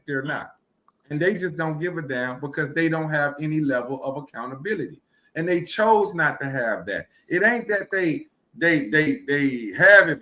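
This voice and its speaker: A man's voice: on the high side, bright, forceful tone. A man with a Houston accent, a podcast co-host in casual chat, earnestly explaining his view at length. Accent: Southern US, Houston.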